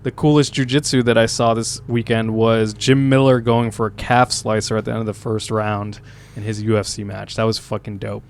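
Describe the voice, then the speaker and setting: Man, podcast co-host, relaxed, enthusiastic, casual swearing. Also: lowish voice, moderate pace, slight background noise.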